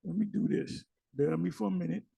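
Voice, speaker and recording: A man with a high, gravelly voice giving an informal religious talk. He rambles and restarts his sentences, then reads scripture slowly and deliberately. The recording is dry and close, with no room sound. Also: dark tone, dry recording. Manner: loose, conversational, many restarts, slows down to read scripture. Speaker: religious elder and teacher. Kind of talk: casual religious commentary with scripture reading.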